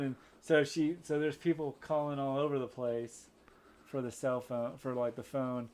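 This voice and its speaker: A man's voice: mid-range voice, flat delivery, measured pace, darkish tone. A man co-hosting a casual movie review podcast, rambling with many fillers and restarts. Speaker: podcast co-host.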